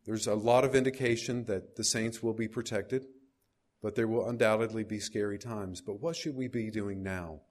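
Man, preacher, fairly low voice, sermon, scripture readings with emphasis. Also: steady tone, normal speed, darkish tone. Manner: reads scripture aloud with rising emphasis, asks the congregation questions.

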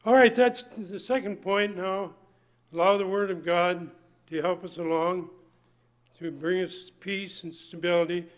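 An older man preaching a folksy sermon, emphatic and swinging between loud points and hushed asides. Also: high-pitched, fairly even intonation, unhurried.

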